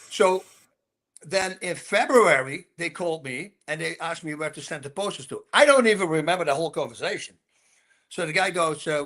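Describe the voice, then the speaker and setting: A lively man in his sixties with a Dutch accent spins stories as a podcast guest, acting out both sides of the conversation and punching them up with sound words. His voice sits a bit high for a man and comes across bright and forceful. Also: brisk. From Netherlands. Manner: animated storyteller, acts out dialogue, sound words like boom and bonk. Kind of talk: storytelling interview.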